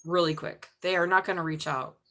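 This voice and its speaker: A woman's voice: fairly low pitch, steady tone, brisk, fairly bright tone. Blunt, profane middle-aged woman. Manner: blunt, profane and jokey, laughing often. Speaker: tarot reader. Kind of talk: live-stream tarot reading.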